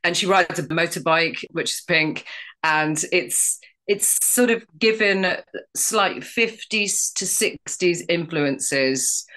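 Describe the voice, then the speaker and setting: Chatty, bright-voiced woman actress. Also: lowish voice, slow pace. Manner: chatty and enthusiastic, many asides and restarts. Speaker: guest, stage actress. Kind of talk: casual podcast chat.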